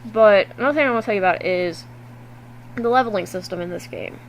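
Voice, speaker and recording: A woman vlogging to her webcam at home, recapping a video game in a loose, animated way and swearing freely. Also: medium pitch, fast talker, slight background noise, poor audio. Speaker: gaming vlogger. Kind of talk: casual game recap to camera.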